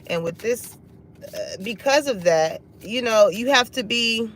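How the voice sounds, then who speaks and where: A woman's voice: fairly high pitch, expressive, a little slow, slight background noise. Laughing casual woman reading tarot. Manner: laughs often, sings song snippets, swears casually. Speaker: tarot reader.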